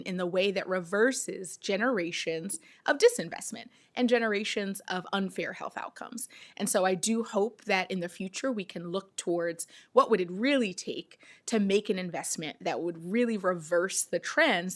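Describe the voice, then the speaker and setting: A woman testifying at a council hearing as a city health official, measured and earnest, with frequent ums. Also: medium pitch.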